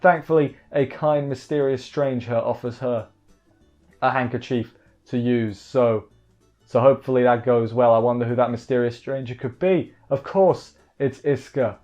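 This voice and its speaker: A man's voice: mid-range voice, fairly even intonation, moderate pace, a little mellow. A man recapping an anime episode in a casual, rambling way, wry and full of fillers and restarts. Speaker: anime reviewer. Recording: dull lo-fi mic with faint music.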